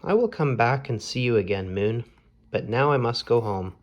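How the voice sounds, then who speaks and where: A man voicing a gentle, earnest, sentimental male owl from a children's storybook, speaking in simple, sincere sentences. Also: medium pitch, animated, moderate pace, highs cut off, natural voice. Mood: wistful.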